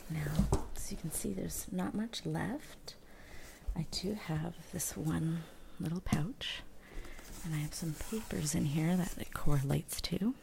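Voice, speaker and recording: A woman speaking softly and often in a whisper in a gentle ASMR show-and-tell, close to the mic, thinking aloud with hesitant fillers. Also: sits low, vocal fry, noisy background. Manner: whispered and hushed, slow and gentle. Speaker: vlogger.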